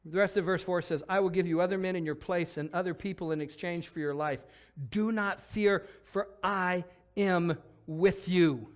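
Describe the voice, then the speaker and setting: A man preaching a lively sermon as pastor in a church, acting out voices as he goes. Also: high voice, normal speed, hardly any pauses. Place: church sanctuary.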